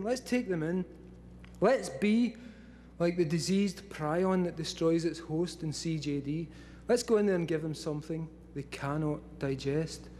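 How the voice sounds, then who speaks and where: Excitable profane Scottish man in his forties. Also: high voice, a little hiss or hum. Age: 40s. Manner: profane, laughing often, excitable. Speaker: speaker at a live event. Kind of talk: rambling talk to a live audience.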